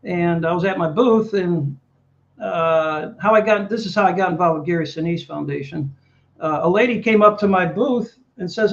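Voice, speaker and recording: A man's voice: high voice, moderate pace, highs cut off. A middle-aged Navy veteran man telling a story casually in an interview, quoting other people as he goes. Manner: animated anecdote teller, quotes others.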